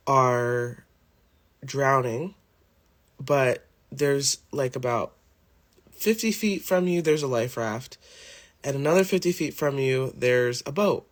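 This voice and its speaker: A man's voice: mid-range voice, close to an everyday voice. A man voicing a female English psychic advisor in a put-on English accent, telling a vision earnestly.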